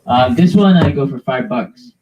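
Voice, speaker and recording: A man's voice: mid-range voice, expressive, normal speed, lo-fi sound. A man presenting his own artwork to a live audience, hesitant and full of fillers. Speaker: visual artist presenting his work. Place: live art event before an audience. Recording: crowd chatter behind.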